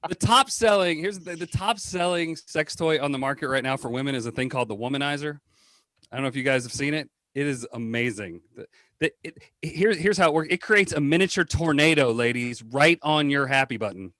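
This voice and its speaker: A brash man tears through a stand-up set with a profane, punchy delivery. His voice sits a bit high for a man. The sound is dry and close, with almost no room in it. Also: fairly quick, a bit bright, dry recording. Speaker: stand-up comedian. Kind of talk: stand-up routine. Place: home over a video call. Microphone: computer or phone mic on a video call.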